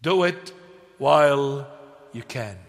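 A man's voice: mid-range voice, expressive, slow pace, creaky. A man preaching a sermon, emphatic and repetitive, posing questions and answering them himself. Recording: long hall reverb.

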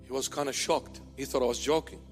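A man's voice: medium pitch, fairly even intonation, fairly quick. A middle-aged man, a bishop, giving a playful sermon, teasing his listeners and acting out little dialogues. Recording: long hall reverb with faint music.

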